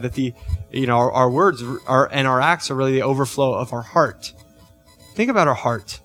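Man, pastor, sermon, earnest, middle pitch, soft music behind. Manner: earnest, rising emphasis on key questions, frequent "right?".

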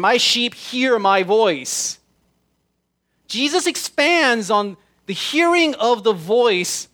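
A man with a notably high voice delivers a sermon. He preaches in an emphatic way and draws out the scripture he quotes, one deliberate phrase at a time. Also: a bit bright. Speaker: pastor.

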